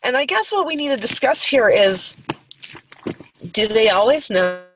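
A woman's voice: a little high, lively intonation, a little slow, pauses often, soft background music. A woman who is a foster parent, talking about her experiences in a casual, earnest podcast conversation. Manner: earnest, heartfelt storytelling.

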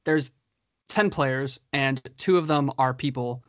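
A man's voice: mid-range voice, takes it slowly, no echo. A man co-hosting a casual podcast chat, reading out listener questions and laughing often. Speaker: podcast co-host.

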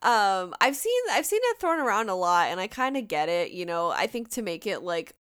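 Chatty, animated woman podcaster. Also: medium pitch, moderate pace, clear, resonant tone. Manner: chatty, animated, laughs often. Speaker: podcast co-host. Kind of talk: casual fan podcast chat.

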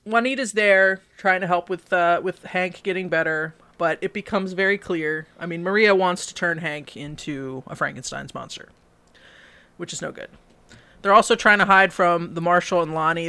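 Bright, lively female podcast co-host; casual recap chat, acts out character lines. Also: fairly low pitch, smooth. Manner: animated storytelling, quotes characters in voices.

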